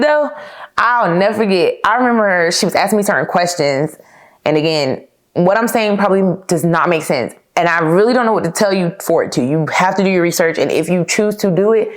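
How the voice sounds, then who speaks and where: A young woman, hosting a podcast and telling her own story in a candid, chatty way, calling her listeners "y'all.". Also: mid-range voice. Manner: laughs now and then, frequent fillers like "like". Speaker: podcast host. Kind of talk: casual personal storytelling.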